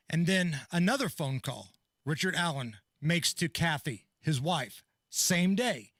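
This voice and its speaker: High-voiced male radio co-host. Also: expressive, unhurried, fairly bright tone, no room sound, clean studio sound. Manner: methodical, reads details in order. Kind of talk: news rundown on talk radio. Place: radio studio. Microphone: studio microphone.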